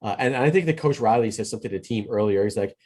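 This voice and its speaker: A man hosting a casual podcast review, speaking in a lowish, warm, mellow voice. He rambles through scenes loosely and keeps restarting his sentences. His tone stays earnest and a little sentimental. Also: rapid-fire. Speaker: podcast host. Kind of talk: casual solo movie review.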